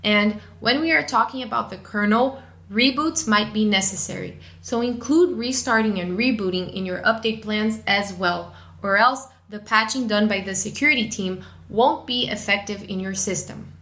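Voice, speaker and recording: Bright-voiced woman reading a script. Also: mid-range voice, normal speed. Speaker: podcast segment presenter. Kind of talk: scripted narration. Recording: echoey room.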